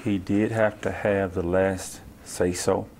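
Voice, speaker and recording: Brief: very low gravelly male, slow and flat, weighs each word. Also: slight background noise. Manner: slow, halting, measured. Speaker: interviewee.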